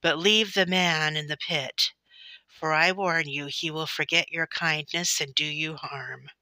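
A woman voicing a male lion in a storybook reading, formal and persuasive, speaking in a measured way. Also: sits low, steady tone, sharp tone, no echo, heavily acted, rough recording. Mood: grave.

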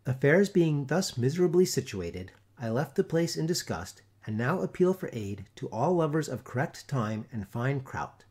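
Guy reading an old story out loud, husky, lots of ups and downs, dramatic. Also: medium pitch, moderate pace, few pauses. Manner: theatrical, expressive storytelling. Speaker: audiobook narrator. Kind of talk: scripted story narration.

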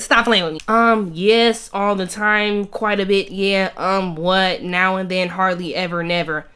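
A woman in her twenties reading out a quiz in a casual, playful chat full of slang and quick asides. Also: mid-range voice, steady tone, bright, forceful tone, clear, resonant tone. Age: 20s. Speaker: YouTuber.

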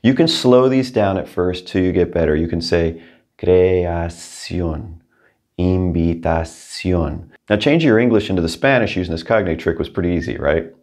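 Low-voiced man teaching Spanish. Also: lively intonation, quick pace, darkish tone. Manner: patient, clear, repeats each word twice. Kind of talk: scripted language lesson.

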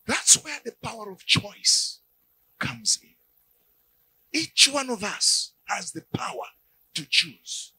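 A man preaching a sermon, animated, acting out little dialogues and shouting at the high points. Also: takes it slowly, long pauses, breathy edge, no echo, poor audio.

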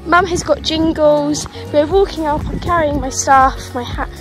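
Young woman, high voice, put-on Liverpool accent, chatty, giggly, casual vlog, outdoors, background music. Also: steady tone, a little slow, low-quality recording. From Dorset, England. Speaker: young rider and vlogger. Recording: music playing over the voice.

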